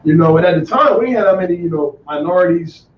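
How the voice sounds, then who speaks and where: Coach guy chatting easy, kinda high voice, far from the mic, muffled. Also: fast, slight background noise. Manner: relaxed, reflective, leans on filler phrases. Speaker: high school football coach, guest. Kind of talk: casual podcast conversation. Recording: echoey room, distant mic, dull sound.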